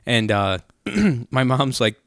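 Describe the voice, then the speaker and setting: Relaxed young man telling stories. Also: mid-range voice, takes it slowly, dry recording, studio quality. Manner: loose, profane, rambling storyteller. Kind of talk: casual storytelling chat.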